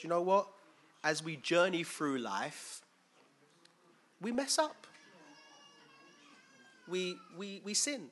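This preacher's voice is a little high and a bit bright as he delivers a casual, conversational sermon. He keeps putting questions to his listeners and acts out the voices in his quotes.

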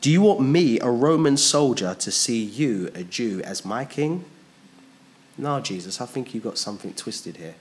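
A man's voice: on the low side, lively intonation, brisk, few pauses, fairly bright tone, voice pushed down. A man preaching a sermon, voicing a proud Roman governor as a scornful, incredulous figure in a retold scene.

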